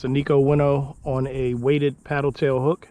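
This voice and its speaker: A man vlogging from a kayak outdoors, exclaiming and rambling with excitement, his voice going hoarse. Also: mid-range voice, moderate pace. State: losing his voice. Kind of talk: excited outdoor fishing vlog. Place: on a kayak outdoors on the water in wind. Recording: noisy outdoor recording with wind and water.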